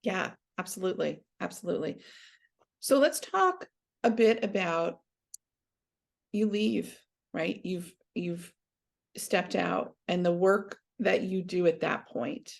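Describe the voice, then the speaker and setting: A woman's voice: on the low side, slow, gravelly. A woman hosting an interview, affirming and encouraging her guest. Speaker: podcast host, energy healer.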